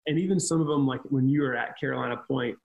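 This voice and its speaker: A ministry leader talks casually on a podcast, telling earnest stories about ministry and frequently restarting. His medium-pitched voice is fast and creaky, and the recording's highs are cut off.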